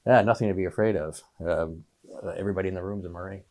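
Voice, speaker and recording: A man interviewing a guest, asking follow-up questions and reacting briefly and warmly. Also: sits low, fast. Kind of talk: casual interview.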